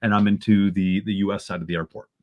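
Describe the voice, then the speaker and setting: Animated Canadian man telling a story. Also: sits low, fast. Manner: animated, rising into excited bursts. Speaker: guest. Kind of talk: storytelling in a podcast conversation.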